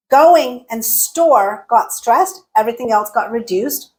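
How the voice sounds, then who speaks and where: Slow, deliberate woman teaching English. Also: fairly high pitch, expressive. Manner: models sentences slowly, exaggerating stress.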